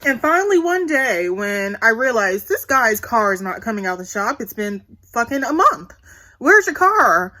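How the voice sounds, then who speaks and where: A woman's voice: fairly high pitch, animated, moderate pace, few pauses, pushed and bright. A woman in her twenties telling a candid, profane story to her viewers in a blunt, chatty vlog. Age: 20s. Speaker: vlogger.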